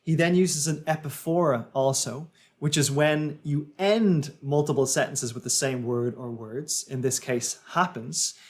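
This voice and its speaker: A man's voice: a little high, a little slow, few pauses. Analytical man breaking down a speech. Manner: analytical, explains speech techniques step by step. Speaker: public speaking coach. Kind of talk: reaction commentary.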